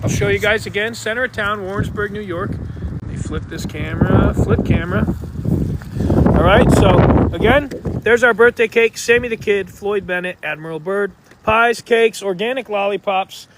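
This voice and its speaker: A man's voice: high voice, normal speed. A man hosting a live stream outdoors in a town square, talking straight to his viewers in an upbeat way on a phone camera. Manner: upbeat, addresses viewers directly, hypes the stream. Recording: noisy outdoor street sound.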